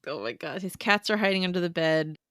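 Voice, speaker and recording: A woman's voice: fairly low pitch, animated, fairly quick, fairly bright tone, no room sound, studio quality. An American woman co-hosting a fan podcast, trading playful, joking banter in a casual chat. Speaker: podcast co-host.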